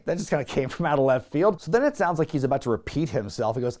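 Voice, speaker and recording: A man's voice: fairly high pitch, very animated, a little fast, few pauses, a little mellow. A man hosting a wrestling recap podcast, talking in a casual, jokey way and acting out quotes in put-on voices.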